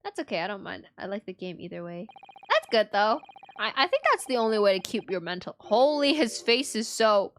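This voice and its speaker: A young woman streamer chatting with her viewers in a lively, excitable way. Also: mid-range voice, fairly quick, slight background noise. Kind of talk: casual live-stream chat and reading.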